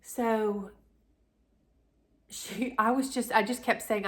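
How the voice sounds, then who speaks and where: A lifestyle vlogger from North Carolina, a middle-aged woman, tells the camera a personal story in a chatty, animated way, full of asides and restarts. Her voice sits a little high and moves at a slow pace.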